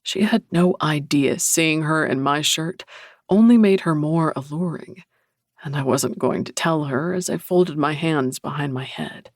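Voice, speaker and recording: A man narrating a paranormal romance audiobook in the first person, with a low, even, intimate delivery. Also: measured pace, dry recording, clean studio sound.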